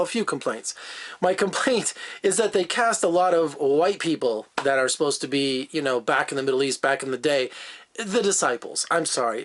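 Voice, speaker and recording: Male film critic, casual review, somewhat high voice, rambling delivery. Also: a bit bright. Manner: chatty, digressive, frequent fillers.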